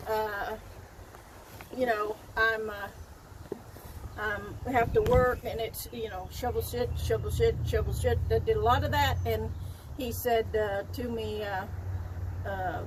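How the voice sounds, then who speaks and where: Older woman, interview guest, high-pitched and lively, laughs easily, natural storyteller. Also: measured pace, pauses often, background noise. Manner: lively, laughs often, acts out dialogue. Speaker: interview guest, wild animal trainer. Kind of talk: animated personal storytelling.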